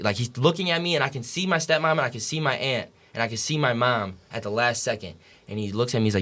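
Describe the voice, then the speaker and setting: A man's voice: fairly low pitch, lively intonation, quick pace, a bit bright. A young man telling a story as a podcast guest, casual and profane, packed with "like" and "dude".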